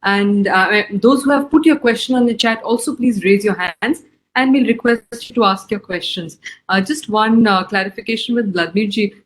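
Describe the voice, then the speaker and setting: A woman moderating an online Q&A session, speaking politely and filling pauses with "uh". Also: mid-range voice, poor audio. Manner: polite, courteous, fills pauses with "uh". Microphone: video call. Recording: loud background noise on a call.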